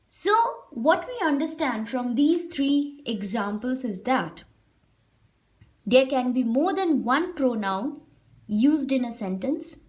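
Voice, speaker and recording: A woman teaching a grammar lesson to children, repeating example sentences slowly and explaining them. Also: sits high, animated, darkish tone.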